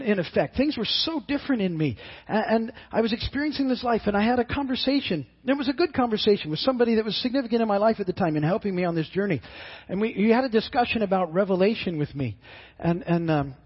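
A middle-aged man preaching a sermon as pastor, earnest and halting, often repeating his words as he restarts. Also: high voice, breathy edge, lo-fi sound.

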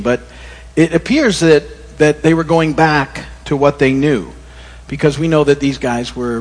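A middle-aged male pastor giving a relaxed, conversational sermon that wanders into corny jokes. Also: mid-range voice, husky. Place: church. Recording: long reverb in a church hall.

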